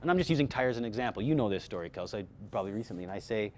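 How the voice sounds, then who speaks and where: A man's voice: fairly low pitch, expressive, rapid-fire, slight background noise. A middle-aged man gives a workshop talk to actors on voice-over work. He talks with energy, often restarts his sentences, and speaks straight to the group in a room with a small live audience.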